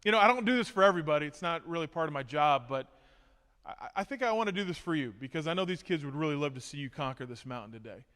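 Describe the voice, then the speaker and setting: A kind, steady climbing instructor speaks low and quiet, as a man on stage acts him out. The tone is soft and reassuring. The words ring out in a large, reverberant hall. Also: fast talker. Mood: gentle, encouraging. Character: calm, kind male climbing instructor, adult.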